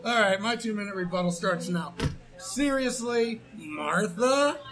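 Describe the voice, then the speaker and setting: A man's voice: high voice, normal speed, fairly bright tone, faint music behind. A man in a casual comedic debate, mocking his topic with sarcasm. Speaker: debate participant.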